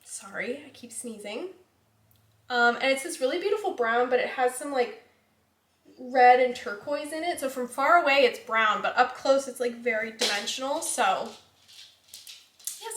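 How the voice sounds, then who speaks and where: A young woman hosts her knitting vlog in a loose, chatty way, trailing off and circling back with plenty of likes and ums. Her voice sits a little high, and the room around her rings with a noticeable echo. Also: fairly bright tone. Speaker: knitting podcast host. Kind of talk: casual chat. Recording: echoey room.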